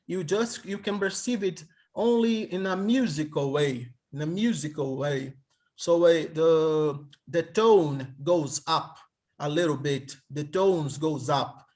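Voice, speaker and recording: Slow, hesitant male Greek tutor on a video call, slightly high voice. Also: darkish tone. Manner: hesitant, halting, many restarts. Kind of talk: online tutoring session.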